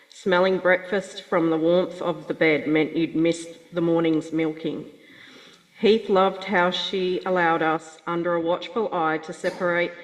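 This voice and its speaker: A woman giving a measured, fond eulogy for her grandmother at a funeral. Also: fairly low pitch. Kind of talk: read eulogy. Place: funeral chapel. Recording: echoey hall.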